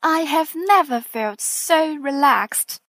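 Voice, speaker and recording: A woman voicing a calm, gentle mother pig in a storybook reading, soft and soothing. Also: high-pitched, slow, no room sound, pitched above the performer's own voice, full character voice.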